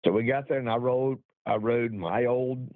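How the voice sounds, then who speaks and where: A man's voice: mid-range voice, normal speed, no echo. A middle-aged man telling a long racing story, rambling, salty and self-mocking, often laughing at himself. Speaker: guest telling racing stories. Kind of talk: casual storytelling. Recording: dry, thin phone-like line.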